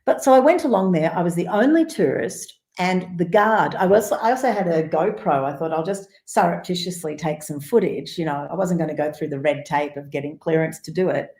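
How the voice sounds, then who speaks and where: A woman with a fairly low voice tells a story in a casual interview, animated and rambling, full of asides and quick turns. The sound is roomy with a noticeable echo. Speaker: guest musician.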